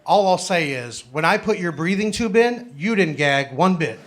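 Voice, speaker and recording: A man doing a deadpan, teasing nurse. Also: high-pitched, very noisy. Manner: calm, slow and deadpan, then bluntly insulting. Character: blunt, teasing female hospital nurse. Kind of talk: stand-up comedy impression.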